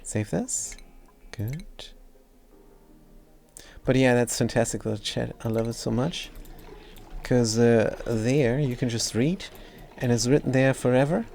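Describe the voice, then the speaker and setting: A man's voice: mid-range voice, a little slow, gravelly, long pauses, darkish tone, a little hiss or hum. A German man in his sixties with a German accent, chatting casually and teasingly while live-streaming a game. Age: 60s.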